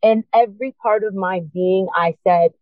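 A woman's voice: mid-range voice, normal speed, no echo. Woman, earnest emotional storytelling, acts out dialogue, tinny phone-like sound, dry. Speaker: speaker sharing a personal testimony. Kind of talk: personal storytelling.

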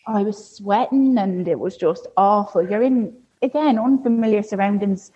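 A woman's voice: mid-range voice, moderate pace, breathy edge. A woman guest telling a personal story in a candid, chatty way, leaning on filler words. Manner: chatty, heavy use of "like" fillers. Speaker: podcast guest sharing a birth story. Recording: dull lo-fi recording.

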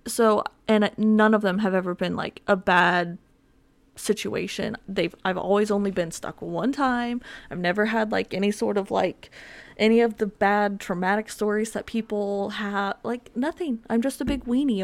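A woman's voice: mid-range voice, steady tone, normal speed. A young woman hosting a podcast from home, chatting casually in a rambling, filler-heavy, self-mocking way. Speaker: podcast host. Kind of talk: casual solo chat. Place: home with dogs around.

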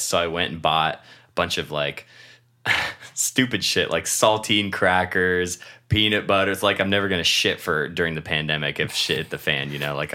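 A young man from Washington state co-hosts a podcast, rambling casually through stories, laughing often and swearing freely. His voice rumbles low, pushed and bright.

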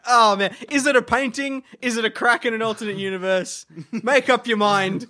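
A man's voice: very high-pitched, moderate pace, bright, forceful tone. A man in a casual podcast chat making wry, sarcastic remarks.

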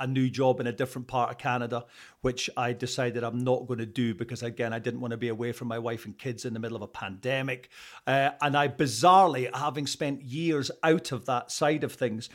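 A man from Scotland with a Scottish accent, chatting as an interview guest, rambling with fillers and restarts and laughing often. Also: mid-range voice. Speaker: interview guest, radio presenter. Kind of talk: casual interview chat.

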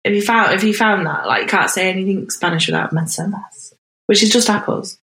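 A woman's voice: medium pitch, fairly quick, fairly bright tone, echoey room. A woman with a northern English accent, chatting playfully as a podcast co-host, with a cough. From northern England. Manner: laughing, playful. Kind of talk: casual chat.

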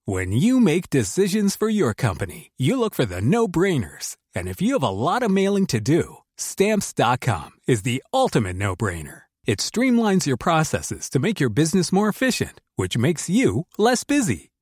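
Man, salesy ad read, very lively pitch, husky, dry close sound. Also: normal speed, few pauses, no room sound. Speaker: ad announcer. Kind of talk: scripted radio-style ad read.

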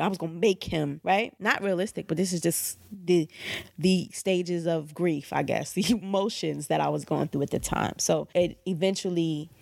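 Woman, personal storytelling, candid, wry, dry close sound, low-ish voice. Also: steady tone, moderate pace, vocal fry, darkish tone, dry recording.

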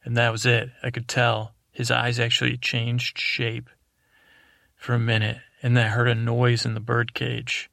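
Gravelly, flat-voiced man spinning a bedtime story. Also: mid-range voice, unhurried, no echo, clean studio sound. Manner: meandering, deadpan, full of restarts. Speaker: podcast host. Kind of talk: rambling improvised bedtime story.

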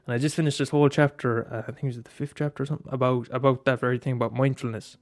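A man's voice: medium pitch, little pitch movement, very fast, dry recording, clean studio sound, faint music behind. A man in a rambling casual monologue, swearing often and restarting his sentences.

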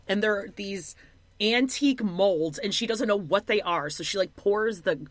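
A woman co-hosting a podcast, chatting casually and telling stories quickly with lots of fillers. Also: medium pitch, dry recording. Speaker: podcast co-host. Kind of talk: casual chat.

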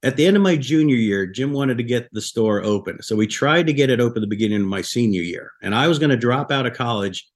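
A man's voice: medium pitch, animated, fast talker, hardly any pauses. A man from Buffalo, New York, a restaurant co-founder guest telling rambling anecdotes on a podcast, often restarting his sentences. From Buffalo, New York, USA. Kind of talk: casual podcast storytelling.

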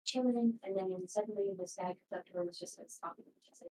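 A woman chatting casually before a live stream, retelling a show in a rambling, animated way with lots of fillers. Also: mid-range voice, fast. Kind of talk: casual chat. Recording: roomy, distant mic with background noise.

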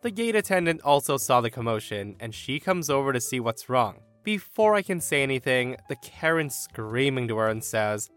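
A man narrating a story with a lively, expressive reading. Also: medium pitch, moderate pace, few pauses, clear, resonant tone. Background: faint music.

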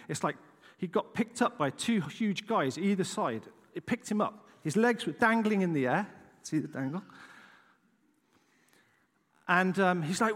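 A middle-aged English man preaching, telling a story dramatically and checking in with the listeners as he goes. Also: a little high. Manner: animated, dramatic storytelling with frequent "right?" asides. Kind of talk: storytelling sermon. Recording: long hall reverb.

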